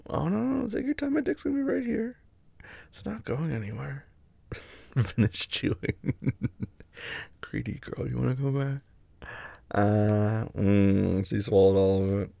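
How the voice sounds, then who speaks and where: Young man, intimate role-play, unhurried, gravelly, murmured and whispered close to the mic. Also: fairly low pitch, mellow, dry recording. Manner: murmured, breathy, often whispered asides. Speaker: adult audio performer.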